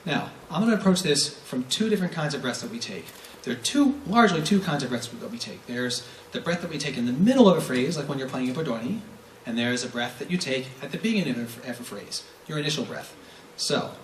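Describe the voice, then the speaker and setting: A man teaching a brass masterclass, explaining breathing with rhetorical questions and demonstrating vowel sounds. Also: medium pitch. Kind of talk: masterclass lecture. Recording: roomy echo from a distant mic, faint noise.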